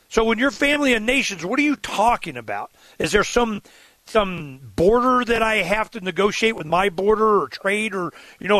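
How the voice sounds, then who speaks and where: A male radio host talks in a rambling, irreverent way. His voice sits high and sounds bright and forceful, with a dry, close sound and no room echo. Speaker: radio talk show host. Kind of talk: casual talk radio conversation.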